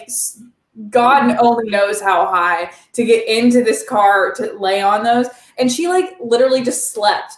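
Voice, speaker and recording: A woman's voice: mid-range voice, echoey room. A woman hosting a casual chat, talking loosely with a lot of "like" and laughing easily. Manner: chatty, lots of "like", laughs easily. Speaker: channel host.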